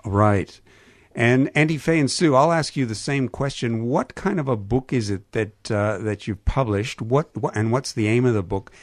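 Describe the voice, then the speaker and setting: A man's voice: mid-range voice, no echo. Canadian man hosting a radio interview. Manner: halting, stumbles over names. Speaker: radio host. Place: radio studio.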